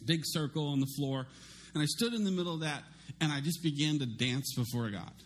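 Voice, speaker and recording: A middle-aged male pastor preaching a sermon in a conversational, self-deprecating way, with lively swings in his voice. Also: on the high side, brisk.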